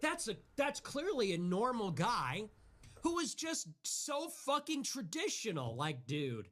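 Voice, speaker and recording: A man's voice: high voice, huge pitch swings, unhurried, fairly bright tone. A man ranting in a livestream monologue, exasperated and sarcastic, in a clip played on another stream. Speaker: political streamer.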